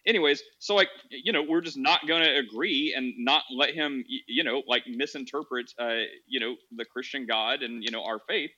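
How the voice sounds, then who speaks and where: A man hosts a casual call-in show, his voice bright and forward. He talks calmly and rambles with fillers. The audio is dull and lo-fi. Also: medium pitch, moderate pace, few pauses. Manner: calm, chatty storytelling with many fillers. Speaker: podcast host.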